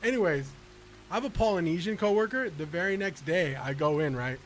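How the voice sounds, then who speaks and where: An animated male gaming streamer with a high-pitched voice, talking in slangy, casual storytelling and laughing often. Faint background noise sits behind him. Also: fairly quick. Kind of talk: casual storytelling while playing.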